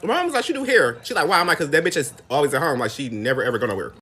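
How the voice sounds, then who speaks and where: A woman's voice: a bass voice, sing-song, very fast, a bit bright, breathy edge. A young woman telling gossip about a former neighbor in a casual storytime.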